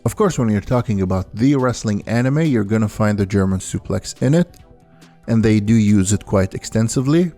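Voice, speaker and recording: A man giving a scripted video-essay narration as the host, counting down a list in a steady delivery over faint background music. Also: fairly low pitch, brisk. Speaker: anime and wrestling video host.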